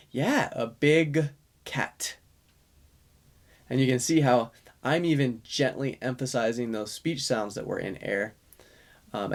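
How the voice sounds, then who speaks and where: With a mid-range voice, a man who is a speech-language pathologist calmly explains a strategy to parents during a course lesson, dropping in fillers and correcting himself.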